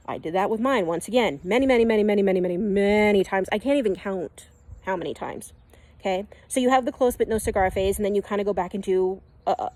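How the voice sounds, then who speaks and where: A woman's voice: medium pitch, a little mellow. A woman who gives spiritual readings, teaching in a casual and emphatic way and checking in often with "okay?" and "right?". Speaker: spiritual reader.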